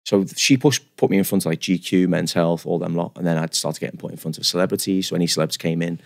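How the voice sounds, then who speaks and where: A barber appears as a guest on a chatty podcast, telling stories fast and tumbling through them with restarts. He's animated and self-deprecating, and his lowish voice has a gravelly edge.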